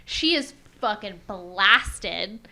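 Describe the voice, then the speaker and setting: A woman co-hosting a casual podcast chat, recapping an episode as an animated storyteller who swears freely. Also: mid-range voice, drawn-out words, vocal fry. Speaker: podcast co-host.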